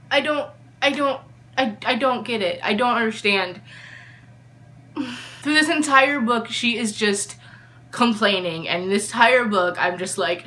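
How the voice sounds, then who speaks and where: A woman's voice: a little high, a little slow, sharp tone. A woman giving an exasperated, opinionated review of a book in a casual vlog.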